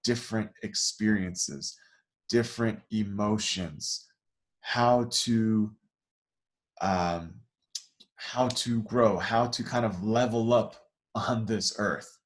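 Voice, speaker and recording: A man's voice: lowish voice, slow. A man co-hosting a spiritual talk show, explaining ideas in a thoughtful, hedging way. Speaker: co-host. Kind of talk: casual chat.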